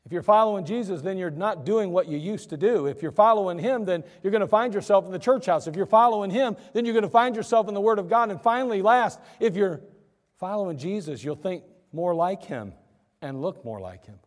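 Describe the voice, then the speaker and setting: A man's voice: sits high, fairly quick, long reverb tail. A male pastor preaching a sermon in an emphatic, conversational way, acting out his listeners' objections. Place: church.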